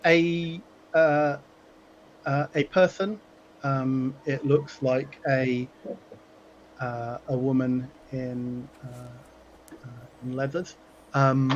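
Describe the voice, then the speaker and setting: A man's voice: medium pitch, slight background noise. Guy gm narrating his table game, lots of uhs and ums, kinda muffled lo-fi audio. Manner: halting, many ums and uhs. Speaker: game master.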